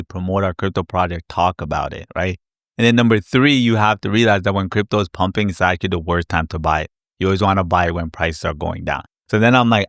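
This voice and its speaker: A man hosting a casual live Q&A stream, chatty and animated, acting out his past reactions with little sound effects. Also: low voice, no echo, clean studio sound. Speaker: crypto educator hosting a live Q&A. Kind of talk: casual livestream chat.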